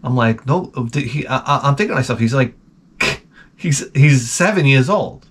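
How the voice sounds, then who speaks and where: On his own channel, a brisk-talking man from the US with a mid-range voice delivers meandering, funny stories. His animated telling is laced with profanity, and he drops to a mutter for asides.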